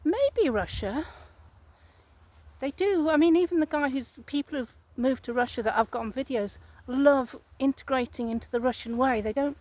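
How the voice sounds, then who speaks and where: A woman's voice: sits high, normal speed, a little mellow, no room sound, rough recording. A woman, talking casually to her viewers in a rambling, chatty vlog monologue and putting questions to them. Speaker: vlogger.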